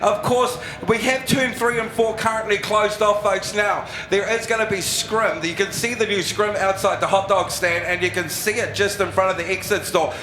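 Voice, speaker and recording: A man's voice: sits high, fairly even intonation, normal speed, hardly any pauses, pushed and bright, roomy sound, slight background noise, poor audio. A man commentating live at a speedway, hyping up the crowd. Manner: upbeat, hypes the crowd. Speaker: speedway announcer.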